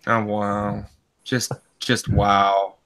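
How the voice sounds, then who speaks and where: A man on a casual online radio panel, talking in halting, exasperated bursts of slang. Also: lowish voice, level tone, fairly bright tone.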